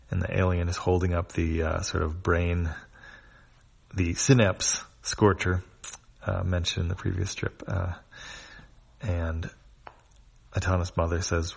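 A man's voice: low-pitched, level tone, unhurried, gravelly, pauses often. A man reading a comic aloud and describing each panel in a plain, hesitant manner. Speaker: webcomic reader.

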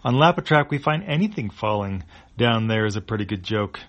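A man's voice: fairly low pitch, lively intonation, brisk, dull audio, close to an everyday voice. A man voicing a smug, petty male alien who mocks stranded travelers in a comic read-aloud. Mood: mocking.

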